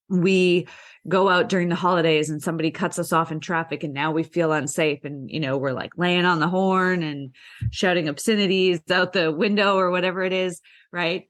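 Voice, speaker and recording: Low-voiced woman explaining calmly. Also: moderate pace. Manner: earnest, explanatory, acts out inner voices. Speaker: podcast guest. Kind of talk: casual conversational explanation.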